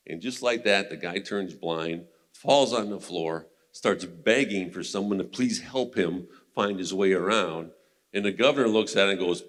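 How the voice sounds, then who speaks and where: A man's voice: low-pitched, moderate pace, a bit bright. A man teaching a men's Bible study in a casual, conversational way, retelling scripture stories and laughing now and then.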